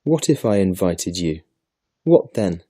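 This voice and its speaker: A man's voice: low-pitched, sing-song, a little slow, warm tone, no room sound, studio quality, exaggerated voice. A man voicing a sulky, boastful young boy who talks down to his guest in a storybook reading. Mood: dismissive. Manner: dismissive, know-it-all.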